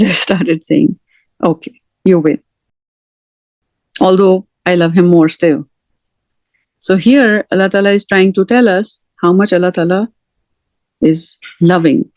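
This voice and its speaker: A middle-aged woman teaching a word-by-word scripture lesson, speaking deliberately and repeating each word as she explains it. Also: fairly low pitch, a little mellow, no room sound. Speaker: Quran teacher.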